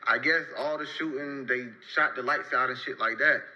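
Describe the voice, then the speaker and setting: Bright-voiced young man telling a street story. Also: fairly even intonation, normal speed, lo-fi sound. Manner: slang-heavy, loose rambling narration with repeated "so boom" beats. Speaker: storyteller in a played clip. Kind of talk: casual story time.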